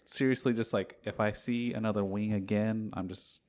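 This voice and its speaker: A man's voice: fairly low pitch, steady tone, moderate pace, darkish tone. A man in casual podcast chat, wry and dry-humored, who laughs easily.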